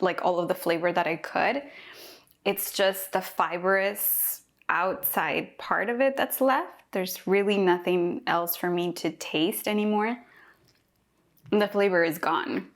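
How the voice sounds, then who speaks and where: A young woman from Mexico, chatty and excited, thinking aloud while tasting a fruit for a food vlog. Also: mid-range voice. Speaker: cooking vlogger. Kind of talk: casual first-impressions tasting vlog.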